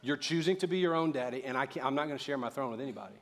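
A middle-aged male pastor preaching a sermon in a lively, conversational way, calling on the audience to respond. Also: medium pitch, racing. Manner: casual, conversational asides.

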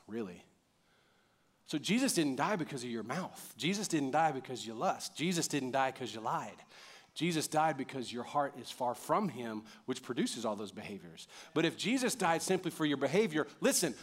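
A pastor preaching a conversational sermon, asking the congregation questions and often repeating words as he goes. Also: on the high side. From United States.

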